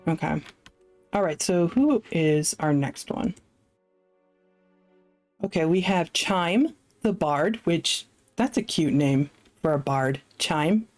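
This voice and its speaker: A woman's voice: low voice, slow, darkish tone, faint music behind. A woman streaming a solo tabletop game, chatting casually and thinking aloud with lots of fillers. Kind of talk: casual live-stream chat.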